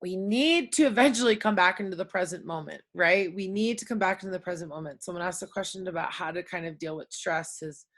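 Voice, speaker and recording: A woman's voice: lowish voice, a little fast, few pauses. A woman in her thirties talking casually to her viewers, chatty and open, with lots of fillers and tag questions. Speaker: host. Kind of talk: casual talk to camera.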